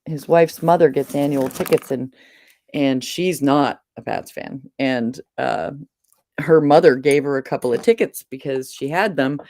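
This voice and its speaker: A woman's voice: very deep voice, unhurried, no room sound. A middle-aged woman from New England hosting a casual video-call chat, telling stories animatedly and laughing often. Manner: chatty, animated storyteller who laughs often.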